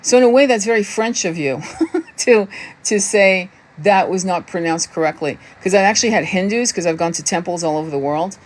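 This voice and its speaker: An American woman leads a casual spiritual live stream and answers her viewers' comments as she goes. She talks bluntly and swears freely. Her delivery is animated and punctuated by laughter. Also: fairly low pitch, brisk. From United States. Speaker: tarot reader hosting a live stream.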